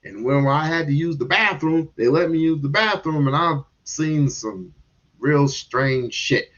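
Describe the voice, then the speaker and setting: A man's voice: a little high, unhurried, fairly bright tone, highs cut off. A man giving heated, casual commentary on a stream, restarting and repeating words as he goes.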